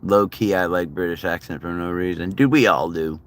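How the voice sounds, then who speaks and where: Bright-voiced rambling streamer. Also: male voice, deep voice, brisk. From United States. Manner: rambling, profane and laughing often. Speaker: livestreamer. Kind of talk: casual live-stream chat with viewers.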